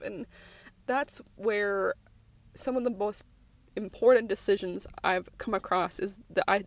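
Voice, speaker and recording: A woman's voice: medium pitch, gravelly, no room sound. A young American woman recording a personal voice-over, rambling and emotional, with many restarts and filler words. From United States. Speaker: vlogger.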